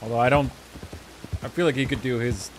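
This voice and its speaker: A man's voice: mid-range voice, steady tone, a little fast, a little hiss or hum, low-quality recording. A man streaming a game and chatting casually to viewers, muttering to himself with half-finished thoughts. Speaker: livestreamer. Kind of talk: casual gameplay chat to viewers.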